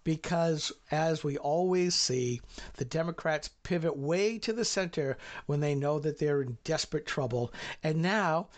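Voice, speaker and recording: A middle-aged man co-hosting a political talk show, talking in a rambling, folksy way with frequent halting restarts. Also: on the high side.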